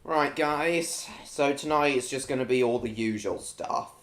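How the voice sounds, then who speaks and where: Slow-talking British man streaming live. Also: mid-range voice, a bit bright. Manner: greets viewers by name and answers chat in short bursts. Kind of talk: casual live-stream chat reading viewer comments.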